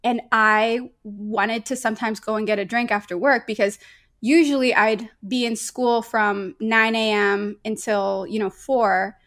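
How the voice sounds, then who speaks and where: A young adult woman with a slightly high voice, chatting as a podcast guest. She talks in a loose, animated way and laughs often. She swears casually as she goes. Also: unhurried. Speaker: painter guest.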